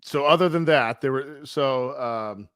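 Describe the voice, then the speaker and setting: A man's voice: medium pitch, a little slow, fairly bright tone, clean tone, no echo, clean studio sound. A man co-hosting a sports podcast, giving blunt opinions in casual chat with many fillers. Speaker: podcast co-host.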